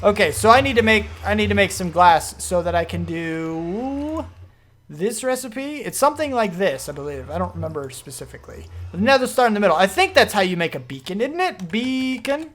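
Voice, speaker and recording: A man commenting on his own gameplay as he plays, rambling through explanations and breaking into panicky, excitable outbursts. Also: high voice, a little fast. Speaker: gaming video host.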